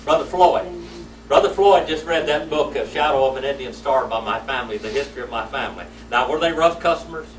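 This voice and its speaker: A man's voice: mid-range voice, brisk, slight background noise. A man teaching a church Sunday School class, telling folksy stories and quizzing his students. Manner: folksy storytelling, asks the class questions. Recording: echoey room, mic far off.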